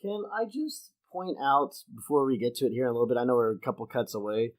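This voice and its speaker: A man co-hosting a podcast, chatting casually in a relaxed, joking way with slight hesitations. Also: medium pitch, fast talker. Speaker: podcast co-host. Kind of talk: casual chat.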